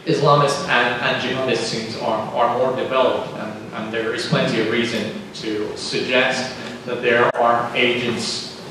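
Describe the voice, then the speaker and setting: A man answering on a discussion panel in a measured, analytical way. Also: medium pitch, little pitch movement. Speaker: panelist, researcher. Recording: distant mic in echoey hall, noisy.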